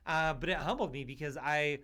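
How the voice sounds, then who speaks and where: A man who hosts a podcast and works as a paramedic, telling stories in a loose, animated way with lots of "you know" and "like". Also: fairly high pitch, a little fast. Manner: animated storyteller, full of fillers like "you know" and "like". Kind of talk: casual chat, telling stories.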